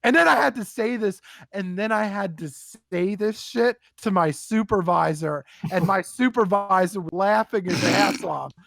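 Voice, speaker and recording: High-voiced swearing young man. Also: measured pace, gravelly, dry recording, clean studio sound. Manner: animated, swears a lot, acts out quotes. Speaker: podcast guest telling war stories. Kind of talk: casual storytelling chat.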